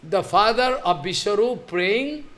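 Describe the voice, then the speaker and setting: A male religious teacher, a native Bengali speaker, telling a scripture story in a sermon, halting and repeating phrases and checking that listeners follow. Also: sits high, expressive, fairly bright tone.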